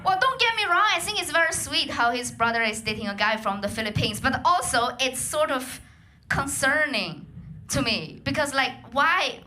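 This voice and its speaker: A young woman from China with a Chinese accent, performing a lively stand-up comedy set on a club stage into a handheld mic. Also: sits high, normal speed, noisy background. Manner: animated, lively voice acting of others.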